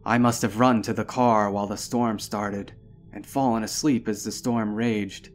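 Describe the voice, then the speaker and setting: A man narrating a first-person horror story in a slow, measured, somber way. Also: lowish voice, steady tone. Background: faint background music.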